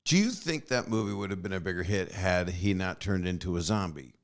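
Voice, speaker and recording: A man's voice: sits low, animated, a little fast. An older man hosting a podcast, asking questions and slipping in dry, teasing jokes. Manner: dry wisecracks and teasing asides. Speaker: podcast host. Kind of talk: casual interview chat.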